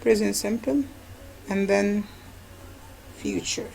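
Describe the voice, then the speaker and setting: Gravelly-voiced woman teaching grammar. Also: mid-range voice, slow pace, darkish tone, slight background noise, rough recording. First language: Arabic. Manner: asks questions and answers them herself, repeats key words. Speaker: English teacher. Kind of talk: grammar review lesson.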